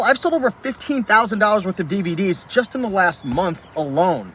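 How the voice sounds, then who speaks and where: Guy venting in his car, high voice, bright and tense, says like a lot. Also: very animated, fast, hardly any pauses, a little hiss or hum. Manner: fired-up, passionate rant with many "like"s. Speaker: reselling YouTuber. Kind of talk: ranting vlog to camera. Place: inside a vehicle.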